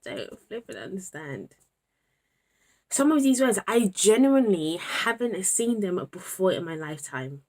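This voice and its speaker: A woman's voice: mid-range voice, sing-song, measured pace, a little mellow. A young British woman in her twenties, a university student talking candidly and rambling to the camera in a vlog, exasperated and talking to herself at times. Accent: British English. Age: 20s.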